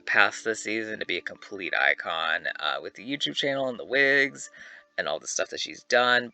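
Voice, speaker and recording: A young man and YouTuber giving casual, animated commentary to camera, chatty and swearing freely. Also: sits low, gravelly, no room sound. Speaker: YouTuber ranking reality-show contestants.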